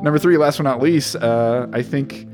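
A male podcast host with an ordinary mid-range voice chats in a relaxed, easygoing way. He chuckles often and leans on fillers, and faint music sits in the background. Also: medium pitch, normal speed. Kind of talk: casual podcast chat.

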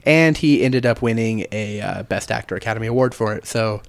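A man's voice: fairly low pitch, a little fast, creaky, no echo. Laid-back man hosting a film podcast. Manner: leads the talk, relaxed, laughs often, uses fillers. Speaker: podcast co-host. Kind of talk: casual chat about movies.

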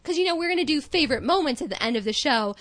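A woman co-hosting a podcast, recapping a TV show in casual chat with lively, expressive delivery and frequent laughter. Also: high-pitched, rapid-fire. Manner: animated and expressive, laughs often. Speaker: podcast co-host.

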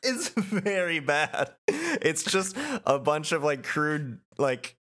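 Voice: mid-range voice, big pitch swings, slow, fairly bright tone. A player reading a game script aloud in a casual read-through, laughing often.

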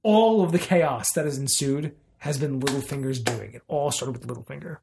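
A man co-hosting a podcast in casual chat, retelling scenes in an animated way with quick asides. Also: medium pitch, vocal fry, noisy background. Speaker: podcast co-host.

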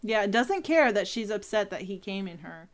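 A woman's voice: mid-range voice, expressive, normal speed. A woman co-hosting a podcast, chatting in a blunt, sardonic way. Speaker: podcast co-host. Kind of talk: casual comedic chat.

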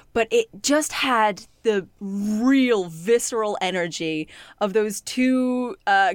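A woman's voice: medium pitch, dry recording. A woman co-hosting a casual podcast, recapping a show with lots of laughter and casual swearing. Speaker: podcast co-host.

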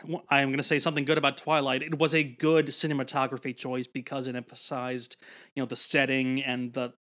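A man's voice: mid-range voice, little pitch movement, a little fast, a bit bright. A man co-hosting a casual movie review, trading dry, joking quips.

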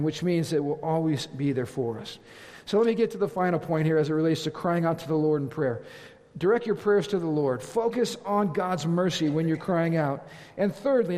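A man preaching a sermon as pastor, emphatic, repeating phrases and building to loud exclamations. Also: on the high side. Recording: long hall reverb.

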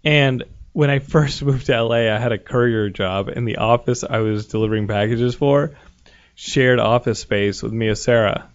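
A man hosting a podcast in casual chat, telling animated stories about movies and the people in them. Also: mid-range voice, moderate pace. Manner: excitable, animated storyteller. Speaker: podcast host. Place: Southern California. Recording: dull lo-fi podcast audio.

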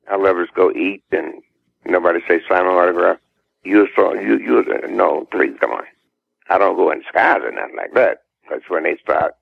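A man's voice: low-pitched, gravelly, husky, dry recording. An older man from the American South, a singer chatting in a radio interview, laughing often and repeating himself. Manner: laughs often, repeats words, warm down-home talk. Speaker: guest singer. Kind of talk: relaxed interview chat. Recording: dull muffled radio recording.

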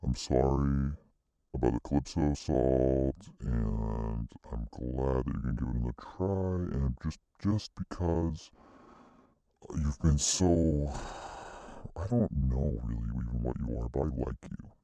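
A man playing a prim female bath shop owner in an improvised comedy sketch, rambling and halting. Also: rumbling low, gravelly, dark tone, no room sound, full character voice.

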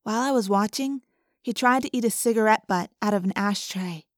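A woman voicing a calm, practical teenage girl in a soft, matter-of-fact way for an audiobook. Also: medium pitch, fairly quick, dry recording, studio quality, close to an everyday voice. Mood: amused. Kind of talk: audiobook character voice.

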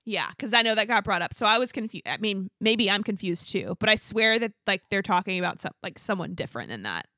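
Talking fast with hardly any pauses, a woman with a mid-range voice co-hosts a podcast and casually recaps reality TV. She laughs a lot and quotes people in animated put-on voices. The sound is studio quality, with no room sound.

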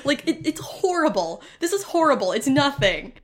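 A woman co-hosting a casual podcast, her voice sitting a little high. She riffs quickly and mockingly, throwing in exaggerated outbursts. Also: big pitch swings. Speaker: podcast co-host.

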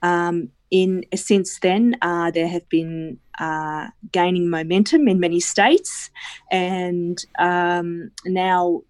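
A woman answering interview questions on a radio program, explaining at length with many pauses and restarts. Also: on the low side, fairly even intonation, a little mellow, clean tone, no room sound. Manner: hesitant, many ums and restarts.

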